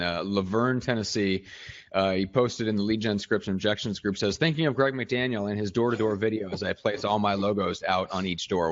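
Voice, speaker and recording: Steady, low-voiced man host. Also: no echo, highs cut off. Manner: steady, organized, reads listener questions. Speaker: podcast host. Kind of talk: casual chat.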